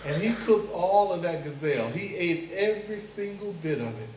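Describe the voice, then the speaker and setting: A man telling a folk tale live at a venue, expressive with dramatic pauses. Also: high-pitched, slight background noise. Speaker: storyteller. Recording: echoey room, mic far off.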